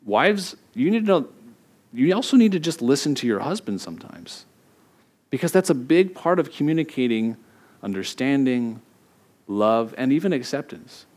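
Male pastor, sermon, animated storytelling, acted-out quotes, middle-aged. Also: medium pitch, moderate pace.

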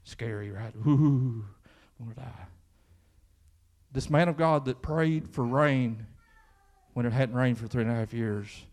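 Speaking at a normal speed in a mid-range voice, this Kentucky-accented man preaches a church sermon. He is a pastor whose conversational delivery builds to fervent emphasis.

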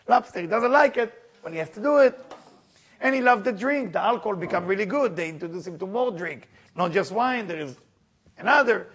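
Gravelly high-voiced man telling a story. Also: fairly bright tone. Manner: broken non-native English grammar. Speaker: storyteller teaching a spiritual lesson. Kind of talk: storytelling sermon.

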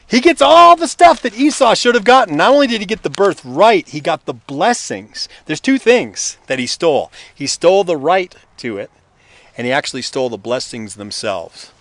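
A man's voice: sits high, sing-song, moderate pace, fairly bright tone, no echo. A man preaching a casual sermon, retelling a scripture story and acting out its characters. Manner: conversational, acts out the story's voices.

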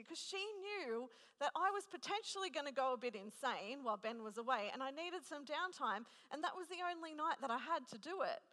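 A woman's voice: sits high, lively intonation, brisk, few pauses, pushed and bright. A woman in her thirties preaching a conversational sermon, telling a personal story in a chatty, self-deprecating way. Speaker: preacher at a women's gathering. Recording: long hall reverb.

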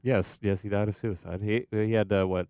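Dry, low-voiced male co-host. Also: steady tone, darkish tone, clear, resonant tone, dry recording. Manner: dry, hesitant, wry, with frequent "uh" pauses. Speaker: podcast co-host. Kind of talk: casual chat. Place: remote, outside the studio. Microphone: close to his own microphone.

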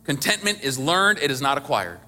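A man's voice: mid-range voice, very animated, a little fast, sharp tone. A middle-aged man preaching a sermon as pastor, talking conversationally with emphatic bursts and small chuckles.

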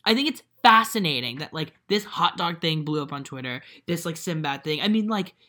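A woman's voice: deep voice, fairly quick. A woman in her twenties co-hosting a podcast, telling stories in casual chat, acting out quotes with lots of fillers. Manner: animated storyteller, acts out quotes, many fillers. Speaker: podcast co-host.

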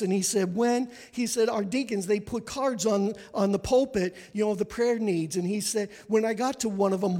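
A man preaching a sermon, telling stories dramatically and acting out the people in them, at times rising to a near shout. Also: high-pitched, long reverb tail. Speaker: guest preacher. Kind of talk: sermon storytelling. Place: church sanctuary.

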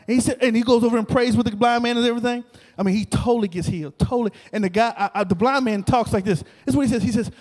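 Male preacher, high voice, animated storytelling sermon in a church hall with a long echo. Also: racing, hardly any pauses. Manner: animated, repetitive, talks to the crowd. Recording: long reverb of a large hall.

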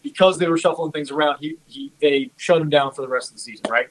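A man in a casual sports chat, recounting anecdotes in a halting way with many fillers. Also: fairly high pitch, low-quality recording.

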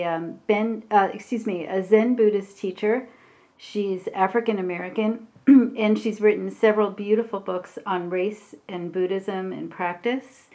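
A woman teacher gives a Dharma talk in a meditation hall. She speaks very slowly, stopping often with soft fillers as she gathers her words. Her voice sits at a middle pitch. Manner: slow, hesitant, with pauses and fillers.

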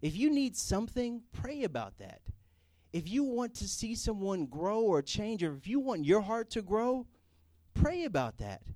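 A young man giving a casual, comedic sermon, animated and joking as he acts out people praying. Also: sits high, unhurried, dry recording, studio quality. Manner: animated, jokey, acts out prayers in put-on voices. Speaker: youth speaker.

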